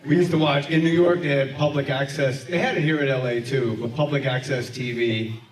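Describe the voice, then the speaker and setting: A middle-aged male comedian guest telling a lively comic story to a live audience. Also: mid-range voice, brisk. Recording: echoey live room, far mic, audience.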